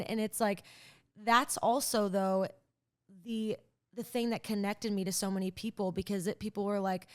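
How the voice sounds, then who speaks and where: A young woman, a country singer, talking as a podcast guest in an animated, chatty way, full of fillers as she tells a story. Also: medium pitch, normal speed, clear, resonant tone. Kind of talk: casual interview chat.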